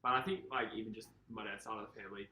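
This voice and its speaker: A man's voice: lowish voice, steady tone, pushed and bright, a little hiss or hum. A young man with a mild Australian accent, co-hosting a casual live stream over a football game and reading out viewer comments. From Perth, Australia. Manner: chatty, reads viewer comments, quick laughs. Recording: echoey room.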